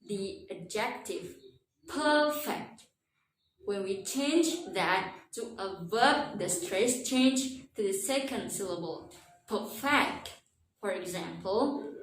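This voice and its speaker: Slow, careful young woman. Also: on the high side. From Indonesia. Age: young adult. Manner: slow, careful, stretches example words. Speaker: student presenter. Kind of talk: pronunciation lesson. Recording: echoey room, faint background noise.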